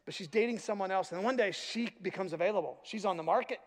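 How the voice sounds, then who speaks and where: A man's voice: high-pitched, fast, big-room sound. A male pastor preaching a sermon, telling stories with self-deprecating humor. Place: church sanctuary.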